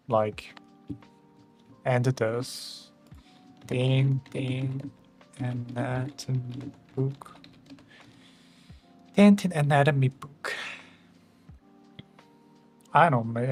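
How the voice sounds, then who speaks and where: A young Austrian man with an Austrian German accent, chatting casually with viewers while he draws on a stream, rambling and chuckling as he reads out chat. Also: mid-range voice. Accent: German-speaking Austrian. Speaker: art streamer.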